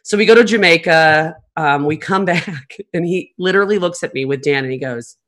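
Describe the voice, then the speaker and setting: Low-voiced fifty-something woman, animated storyteller. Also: normal speed, few pauses. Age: 50s. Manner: animated, profane, laughing storyteller. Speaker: podcast host. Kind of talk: casual storytelling chat.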